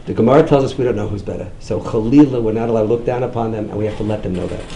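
A middle-aged man, a rabbi, giving a storytelling sermon, jumping up high whenever he quotes someone. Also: very fast, reverberant, a little hiss or hum, poor audio. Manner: animated, swings up high when quoting others. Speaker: rabbi giving a talk on outreach.

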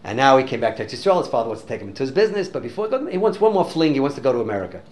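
A man telling a story in a religious talk to an audience, animated and sprinkling in Hebrew and Yiddish words. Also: medium pitch, racing, slight background noise. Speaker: religious teacher.

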